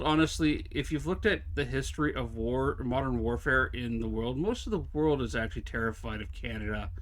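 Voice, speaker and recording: A man streaming a horror game live, chatting to himself and the game with wry asides. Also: mid-range voice. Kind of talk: live gameplay commentary.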